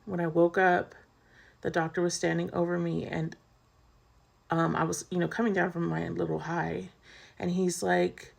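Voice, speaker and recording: A woman's voice: on the low side, little pitch movement, normal speed, gravelly. A woman vlogger candidly telling a personal story in a casual, chatty way, full of "like".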